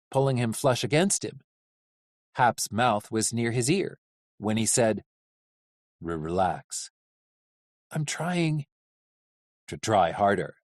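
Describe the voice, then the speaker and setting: Audiobook narration, slow pace, lively pitch, dry close recording. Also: dry recording. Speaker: audiobook reader. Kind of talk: scripted narration.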